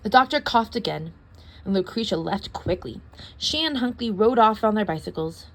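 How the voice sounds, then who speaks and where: A young adult woman reading a children's story aloud as storyteller, in a lively, expressive way. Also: medium pitch, moderate pace.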